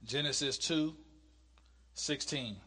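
A man leading a Bible study, reading scripture slowly and with emphasis, then explaining it in a casual, conversational way. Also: on the high side, pushed and bright, husky, big-room sound. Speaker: preacher.

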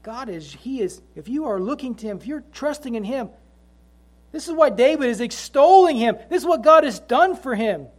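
A middle-aged man preaching a sermon to a congregation, mixing chatty family stories with slow, emphatic repeated lines from scripture. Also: extremely high pitch, animated. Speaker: pastor.

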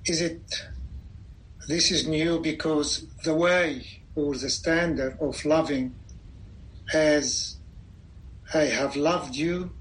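A man's voice: on the high side, steady tone, slow, long pauses, a bit bright, low-quality recording. A man in a Bible discussion, thoughtfully raising a question. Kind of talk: Bible reading meeting discussion.

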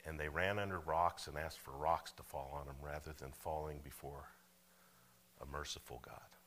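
A man preaching a sermon in a folksy way, often checking in with "Amen?" and "okay?", swinging from loud emphasis to hushed asides. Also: a bass voice, fairly even intonation, normal speed, a little hiss or hum. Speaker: pastor.

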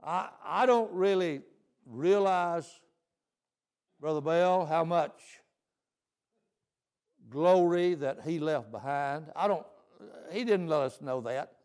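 A man's voice: a little high, slow, long pauses, a little mellow, clean tone. A male preacher delivering a folksy sermon, often asking "See?".

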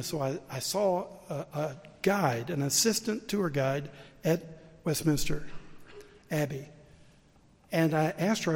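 A man's voice: a little high, a little mellow. An older man with a Southern American accent preaching a sermon as pastor, telling stories and building to emphatic points. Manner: storytelling preacher, rising to emphatic peaks. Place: large church sanctuary. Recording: long reverb of a church sanctuary.

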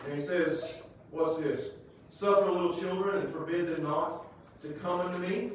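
A male pastor preaching a sermon, emphatic, rising to shouts and dropping to quiet teaching. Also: high-pitched, steady tone, moderate pace, a little hiss or hum. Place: church sanctuary. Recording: echoey church hall from far off.

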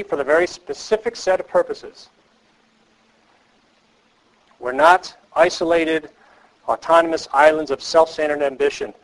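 A man's slightly high, expressive, creaky voice moves a little slowly with long pauses as he lectures counselors earnestly and emphatically. He repeats key phrases and throws rhetorical questions at the class, all captured in low-quality audio.

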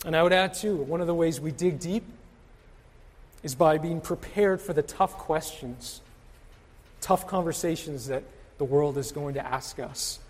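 A man's voice: fairly high pitch, unhurried. A man preaching a sermon in an earnest, exhorting way, repeating his key points to the congregation. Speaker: pastor. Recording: reverberant hall.

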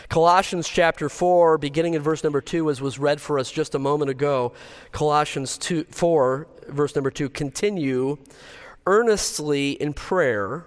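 A male pastor delivers a sermon with earnest, measured phrasing and frequent pauses. His voice sits a little higher than most men's. The sound carries the long reverb of a large church hall. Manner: earnest, pauses often, leads the congregation in prayer. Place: church sanctuary.

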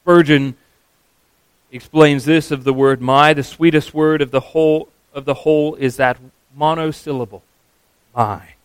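A man preaching a sermon, earnest and emphatic, slowing down to stress key words. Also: fairly high pitch, steady tone, clear, resonant tone, dry recording.

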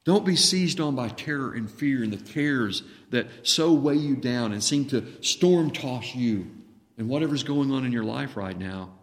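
A man preaching a sermon as pastor, impassioned, dropping to a hush and then rising to a booming voice. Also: expressive, a little slow. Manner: impassioned, swings between hushed and booming when voicing Jesus. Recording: reverberant hall.

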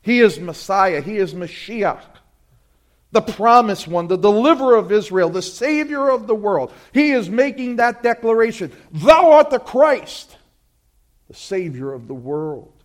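A man preaching a sermon, swinging between loud emphatic appeals and quiet, dropped phrases, and urging his listeners directly. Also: sits high, lively intonation, normal speed. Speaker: pastor.

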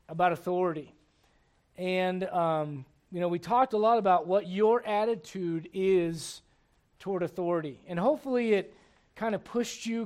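A man preaching a midweek sermon, his voice gravelly and congested, moving from quiet reading to emphatic points. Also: sits high. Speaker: pastor.

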